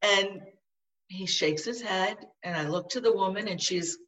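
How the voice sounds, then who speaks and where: A middle-aged woman recounts a personal experience in an earnest, halting way, circling back and restarting her phrases. Her tone is bright and sharp. She sits a little away from the microphone. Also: mid-range voice, recorded from a distance, poor audio. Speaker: guest. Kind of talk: personal storytelling in conversation.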